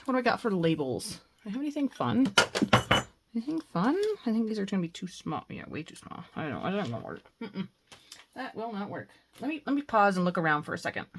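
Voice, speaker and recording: A woman talking casually as she works through a crafting tutorial, chatting to herself and bursting into excitement now and then. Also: fairly low pitch, background noise. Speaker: crafting vlogger.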